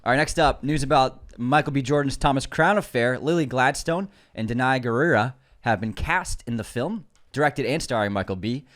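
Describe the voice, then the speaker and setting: A man's voice: mid-range voice, fairly bright tone. A man co-hosting a podcast, reading out film news items and adding casual remarks. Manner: brisk news rundown with casual asides. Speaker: podcast co-host.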